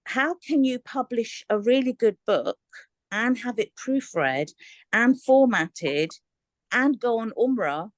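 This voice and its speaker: A woman, talking candidly and in a rambling, animated way on a coaching call, often laughing. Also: fairly high pitch, slow pace, dry recording. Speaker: aspiring author on a coaching call. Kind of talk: candid casual chat.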